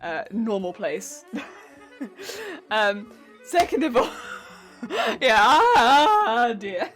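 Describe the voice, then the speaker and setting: A woman with a weak voice that keeps cracking chats casually to her stream, giggling often. Her voice sits high and swoops up and down, breaking on quick pitch changes. Soft music plays faintly behind her. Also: very animated. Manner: giggly, chatty, laughs often. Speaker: craft streamer. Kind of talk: casual chat with live-stream chat. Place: home crafting stream setup.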